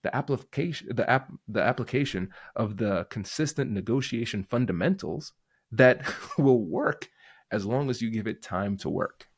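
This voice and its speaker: A man guest on a podcast interview, explaining negotiation in an energetic, emphatic way. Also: mid-range voice, moderate pace, husky, no echo, clean studio sound. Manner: energetic, emphatic, acts out quoted voices.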